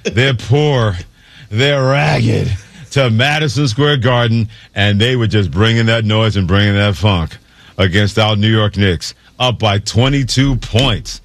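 A man's voice: on the low side, a little slow, no echo. A man hosting sports talk radio, telling stories theatrically and delivering sarcastic critique into a studio microphone.

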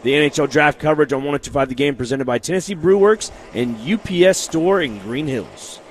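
Relaxed male radio co-host. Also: fairly high pitch, brisk, a little hiss or hum. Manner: relaxed, reads promos. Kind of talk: casual sports radio chat. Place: busy lounge.

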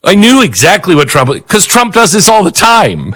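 Lively, bright-voiced male talk host. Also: high voice, moderate pace, gravelly, hardly any pauses, breathy edge. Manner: animated, sarcastic, chuckling. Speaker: political talk show host. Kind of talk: opinionated commentary.

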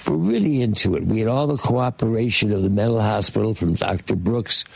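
A man's voice: lowish voice, a little fast, vocal fry, breathy edge, poor audio. An older man, a guest in an interview, tells rambling anecdotes full of fillers and restarts, livening them with little voice impressions. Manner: lively, mimics voices in his stories. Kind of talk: casual anecdote telling.

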